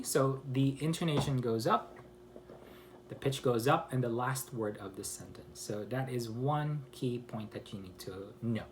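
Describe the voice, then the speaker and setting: A man giving an online English pronunciation lesson, explaining slowly with pauses and self-corrections and acting out example questions with exaggerated rising and falling pitch. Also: expressive, a little hiss or hum. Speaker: English teacher.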